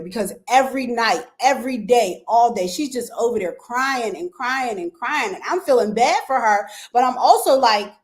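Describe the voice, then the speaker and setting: A woman in her thirties hosting a casual talk show, telling a personal story and jumping up in pitch when she relives tense moments. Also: moderate pace, few pauses. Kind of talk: casual chat to a live audience.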